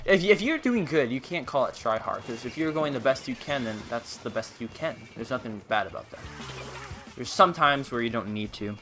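A man's voice: mid-range voice, animated, moderate pace, fairly bright tone, faint music behind. A man streaming and commentating a video game live in a playful, joking, rambling way.

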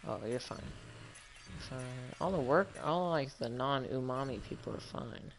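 A man's voice: medium pitch, normal speed. A man giving joking, casual commentary while playing a video game, talking back to the characters on screen. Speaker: gamer. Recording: loud gunfire and game noise behind.

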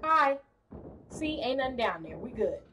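High-pitched, shrieking woman gamer. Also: measured pace, noisy background. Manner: loud, animated, shrieking reactions. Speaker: gaming streamer. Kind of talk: reactive gameplay commentary.

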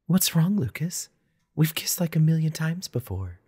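A woman's voice: low voice, sing-song, moderate pace, warm tone, breathy edge, voice pushed up, full character voice. A man voicing a cold, confident young woman who teases and challenges without emotion. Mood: taunting.

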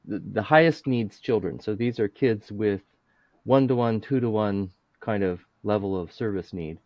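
Low-voiced male host, dull dry sound. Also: a little slow, no echo. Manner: rambling, many fillers, chuckles often. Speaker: podcast host. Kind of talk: casual interview chat.

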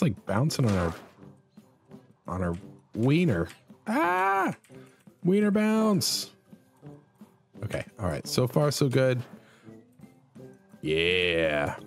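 A man hosting a casual let's play, commenting on a silly game and jumping into high excited yelps. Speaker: gaming channel host.

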